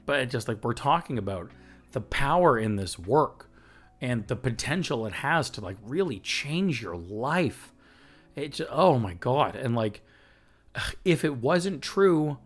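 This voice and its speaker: A man hosting a recovery podcast, talking earnestly and getting fired up, with the odd swear and laugh. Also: mid-range voice. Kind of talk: reflective recovery podcast talk.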